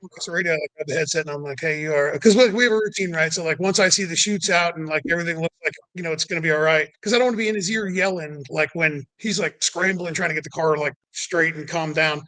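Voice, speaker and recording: A man tells racing stories in a loose, animated way as an interview guest. His voice is bright and sits a little high for a man. He peppers his talk with fillers and acts out what people said. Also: quick pace, few pauses, rough recording. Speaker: race car owner and guest. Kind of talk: casual storytelling interview.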